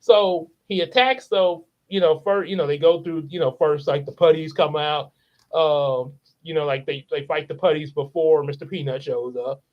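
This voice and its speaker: A man rambles through a casual story for his channel, laughing often and stopping to act out the characters. His delivery is loose and animated, full of fillers and restarts. The recording is muffled and lo-fi. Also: a little high, moderate pace. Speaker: channel host.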